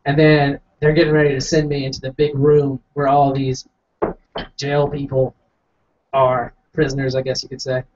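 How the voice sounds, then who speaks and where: A man's voice: mid-range voice, monotone, normal speed, a little mellow. Young man telling a rambling stand-up story. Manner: rambling, self-mocking, acts out quotes. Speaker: stand-up comic. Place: small coffee house stage. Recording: distant, dull lo-fi room recording.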